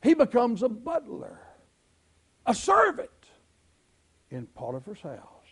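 A middle-aged man with a Southern US accent preaching a sermon, telling folksy stories and swelling into shouts. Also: very high voice, wildly swooping pitch, slow pace, husky. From Southern United States. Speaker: pastor.

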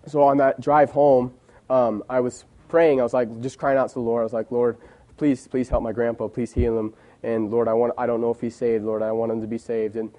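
A young man preaches to a small congregation, halting and earnest, tripping over repeated words as he shares personal stories. His voice is mellow and warm, sitting at an ordinary pitch for a man. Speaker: lay preacher. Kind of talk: informal sermon with personal story.

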